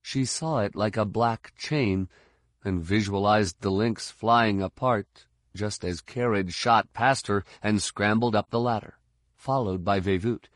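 A man narrating an audiobook in a steady, measured voice. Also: on the low side, dry recording, clean studio sound. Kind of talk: scripted narration.

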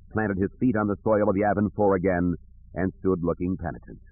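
A man narrating an audiobook in a steady, even reading voice. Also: low-pitched, slightly rough. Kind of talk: scripted narration. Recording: tinny phone-like audio.

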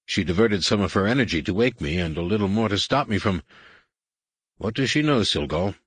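A man's voice: on the low side, expressive, brisk, husky, no echo. A man voicing a young Jedi pleading with his dying wife, urgent and pleading. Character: anxious young male Jedi husband.

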